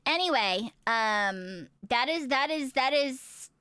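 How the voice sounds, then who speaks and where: A woman's voice: high-pitched, lively intonation, takes it slowly, pushed and bright. Chatty, laughing woman streamer. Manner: chatty, laughing, swears casually. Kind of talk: casual livestream chat.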